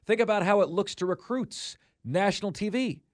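A man hosting a sports talk radio show in a studio, talking in animated, self-deprecating banter. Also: high-pitched, moderate pace, no room sound. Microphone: studio microphone.

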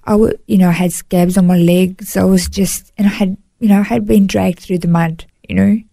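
A woman's voice: mid-range voice, steady tone, normal speed, creaky, dark tone, no echo. A woman, an interview guest, giving an earnest, emotional personal testimony and often saying "you know". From Australia.

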